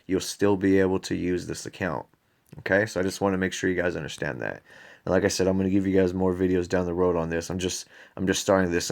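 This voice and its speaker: A man with a low, deep voice hosts a personal finance channel. He talks to his viewers in a loose, casual, unscripted way and addresses them directly as he explains.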